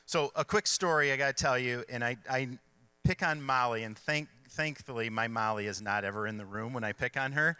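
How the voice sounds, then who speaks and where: Man with a crisp, bright voice. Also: medium pitch, a little fast, no echo. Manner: conversational storytelling with fillers. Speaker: school superintendent. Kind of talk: speech to staff at a kickoff event. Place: school event hall.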